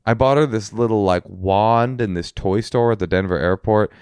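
Comedian guy cohosting a podcast, deep-ish smooth voice, dry close mic, goofy rambling asides. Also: normal speed, darkish tone, dry recording. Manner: rambling, jokey, ironic asides. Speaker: podcast co-host, stand-up comedian. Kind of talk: casual comedic chat.

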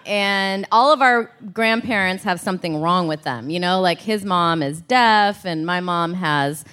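A woman's voice: lowish voice, measured pace, a bit bright, clean tone. A woman co-hosting a live comedy podcast on a theater stage, telling rambling stories and laughing mid-sentence. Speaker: podcast co-host.

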